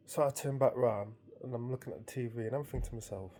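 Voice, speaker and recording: A man's voice: mid-range voice, fast, mellow. A man casually recounting a dream to his viewers, amused and rambling, with frequent restarts. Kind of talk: casual storytelling.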